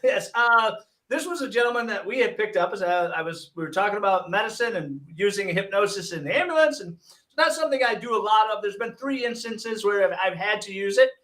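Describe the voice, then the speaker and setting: A man's voice: sits high, fairly quick, recorded from a distance. A man from Michigan, a hypnotist and paramedic, telling an anecdote casually and acting out the dialogue with wry jokes. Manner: animated storyteller, acts out dialogue with wry jokes. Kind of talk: casual storytelling.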